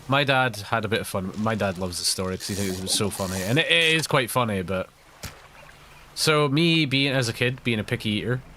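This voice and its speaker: Chatty Scottish man with a bright voice. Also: on the low side, a little hiss or hum. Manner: rambling, chatty storytelling with frequent laughs. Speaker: gaming streamer. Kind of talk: live let's-play commentary.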